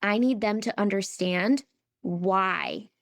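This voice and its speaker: A woman's voice: medium pitch, slow, gravelly, no echo, studio quality. A woman coach on a podcast, speaking emphatically and often checking in with "right?". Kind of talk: podcast conversation.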